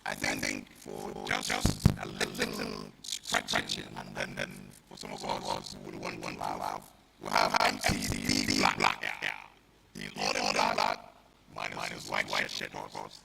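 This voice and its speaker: A man's voice: very deep voice, completely flat delivery, takes it slowly, creaky, pauses often, loud music behind the voice. A man making formal announcements at an event, with a wry touch. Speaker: event presenter. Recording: loud noisy event recording.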